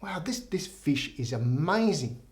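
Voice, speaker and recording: A man voicing a calm elderly pope in a told joke, slow and measured. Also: on the high side. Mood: relaxed.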